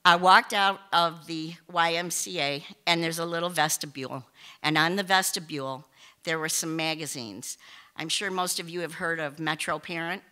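Bright-voiced woman telling a story on stage. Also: deep voice, fairly even intonation, normal speed. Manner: chatty, emphatic, many asides and restarts. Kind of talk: live personal storytelling. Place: live stage event before an audience.

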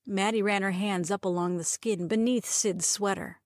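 A woman reading a romantic short story aloud as narrator, in a measured storytelling manner. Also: mid-range voice, fairly even intonation, no room sound, clean studio sound. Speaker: audiobook reader.

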